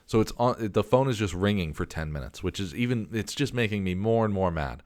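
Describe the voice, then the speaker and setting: Low-voiced man ranting a story. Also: lively intonation, fairly quick, darkish tone, no echo. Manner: exasperated, profane rant with many restarts. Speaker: podcast host. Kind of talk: casual storytelling.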